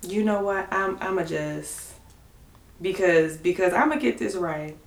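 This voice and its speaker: A woman's voice: lowish voice, measured pace, creaky, reverberant. A woman co-hosting a podcast, talking in a blunt, heated and profane way in casual chat. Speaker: podcast co-host.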